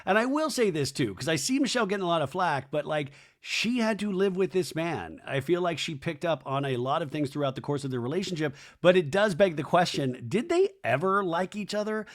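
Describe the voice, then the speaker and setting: A man hosting a podcast, recapping reality TV in an animated, gossipy way and swearing. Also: on the high side, fairly quick, few pauses. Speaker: podcast host.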